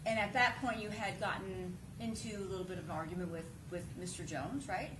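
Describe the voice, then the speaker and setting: A woman's voice: medium pitch, fairly even intonation, brisk, background noise. Woman cross-examining with leading questions. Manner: pointed, leading questions ending in "right?". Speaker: defense attorney. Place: courtroom.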